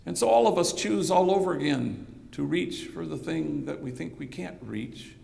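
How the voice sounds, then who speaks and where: A priest giving a conversational keynote speech, telling stories in an anecdotal manner with a bit of slang. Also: male voice, fairly high pitch, animated, moderate pace, gravelly, darkish tone. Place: conference hall. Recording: reverberant hall recording.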